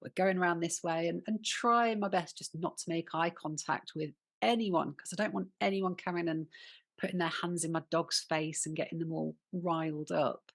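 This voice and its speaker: Woman, podcast host, lowish voice, conversational, advice-giving. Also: fairly even intonation, moderate pace, gravelly. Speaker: podcast host and dog trainer. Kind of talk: podcast interview.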